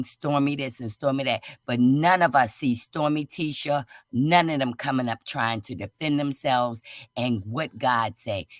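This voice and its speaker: A woman's voice: very deep voice, no room sound, clean studio sound. A woman speaking fervently as a guest on a live stream, repeating her points like testimony. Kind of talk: casual live-stream chat.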